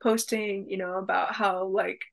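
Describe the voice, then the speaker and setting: A woman hosting a spiritual podcast, talking in a casual, animated way with many fillers and quick laughs. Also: medium pitch, vocal fry. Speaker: podcast host and reverend.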